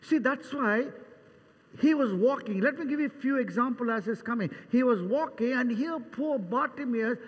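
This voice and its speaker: High-voiced older man preaching in a hall. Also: lively intonation, normal speed, muffled recording. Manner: dramatic, acts out Bible scenes with voices, swings loud and soft. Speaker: pastor. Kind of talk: sermon. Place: church hall. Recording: long church reverb.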